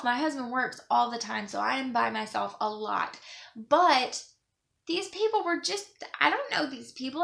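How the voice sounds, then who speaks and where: Young woman vlogger, bright raspy-edged voice, earnest and emotional, rambling monologue. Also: fairly high pitch. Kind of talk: casual monologue to camera.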